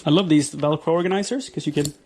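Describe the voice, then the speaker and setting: A male streamer with a slightly high voice chats loosely while he works with his hands. He rambles, restarts his sentences and answers chat messages as they come in. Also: fast talker, a little mellow. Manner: chatty, rambling, reads chat aloud, frequent restarts and laughs. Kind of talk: casual live-stream chat while doing chores.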